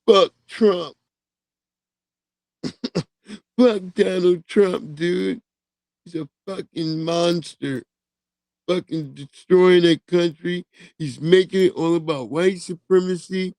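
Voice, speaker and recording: A man's voice: fairly high pitch, darkish tone, no echo, studio quality. A man hosting a livestream, ranting profanely in casual commentary and laughing through it. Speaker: livestream host.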